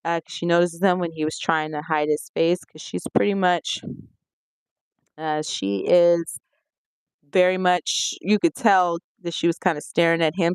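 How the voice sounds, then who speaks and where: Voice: mid-range voice, clean tone, no echo. A movie reviewer talking in a casual, conversational way and recapping scenes from the film. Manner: conversational, retells scenes with lively acted-out quotes.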